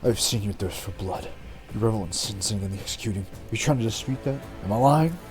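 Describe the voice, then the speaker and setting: A man's voice: on the low side, expressive, quick pace, natural voice. A man reading as a stern female star lord. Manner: formal, declamatory reading. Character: stern female rogue trader judge. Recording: background game music.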